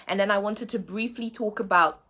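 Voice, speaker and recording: A woman's voice: mid-range voice, a little fast, fairly bright tone, husky. Earnest woman giving a motivational talk. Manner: earnest, repeats phrases for emphasis. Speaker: motivational show host. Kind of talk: faith-based motivational monologue.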